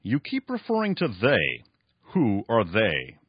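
A man's voice: lowish voice, wildly swooping pitch, slow, slightly rough, no echo, lo-fi sound, pitched above the performer's own voice, full character voice. A man reading as an insistent investigator. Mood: questioning.

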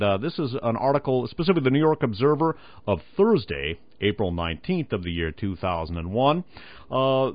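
A male radio host reading a newspaper article aloud with his own commentary in a measured, emphatic way. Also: mid-range voice, no room sound. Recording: dull lo-fi radio broadcast.

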